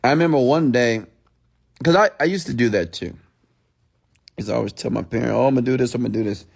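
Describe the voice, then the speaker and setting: Blunt, gravelly-voiced man ranting. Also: mid-range voice, quick pace. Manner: blunt, profane, mocking; mimics others in a raised voice. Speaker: motivational speaker. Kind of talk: late-night motivational rant.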